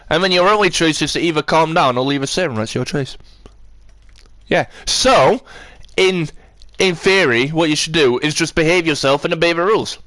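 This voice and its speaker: A man's voice: mid-range voice, a bit bright, no room sound. A man chatting on a live stream, rambling and ranting as he answers his chat.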